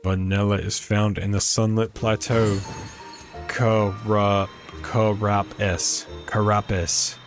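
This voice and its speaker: Music plays in the background as a man with a lowish, level voice speaks slowly. The let's play streamer rambles through a life-sim game, thinking aloud and tripping over words he tries to pronounce.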